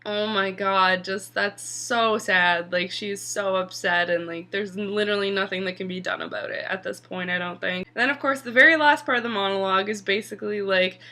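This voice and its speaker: A woman's voice: medium pitch, a little fast, few pauses, bright, forceful tone. A young woman casually recapping a TV episode, chatty and full of "like" fillers, sometimes swearing. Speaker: TV episode reviewer.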